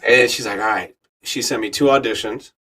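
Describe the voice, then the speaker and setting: A man's voice: lowish voice, brisk, slight background noise. A middle-aged man, an actor and radio host, telling a story as a podcast guest and acting out the voices of people in it. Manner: animated storyteller acting out quoted voices, laughs often.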